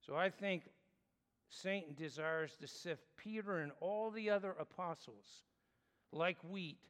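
Man preacher, slightly higher voice, earnest and measured, long hall reverb. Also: a bit bright. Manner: earnest, explanatory, measured pauses. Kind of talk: sermon.

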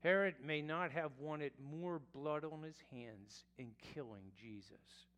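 A male pastor preaching a sermon in a slow, deliberate way, sometimes correcting himself mid-phrase. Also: a little high, a bit bright, clear, resonant tone. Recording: long reverb of a church hall.

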